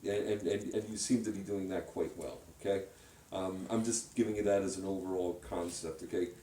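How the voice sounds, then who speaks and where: A lower-voiced man coaching a student through a song, hesitant and full of fillers. His voice is mellow and sits back from the mic in a roomy space, with piano under it. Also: steady tone, fairly quick, a little hiss or hum. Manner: hesitant, many fillers and restarts. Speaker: composition teacher. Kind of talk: one-on-one music lesson. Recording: roomy sound from a distance. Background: piano playing.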